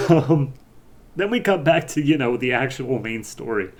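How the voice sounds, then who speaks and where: A man as podcast host, casually recapping a comic book in an animated way, acting out the characters. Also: medium pitch, a little slow. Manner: animated retelling, acts out voices.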